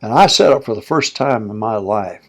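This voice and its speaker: A man's voice: lowish voice, animated, normal speed. An older man, a pastor and guest, telling his story in a folksy, plainspoken way and chuckling as he goes. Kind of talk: storytelling interview.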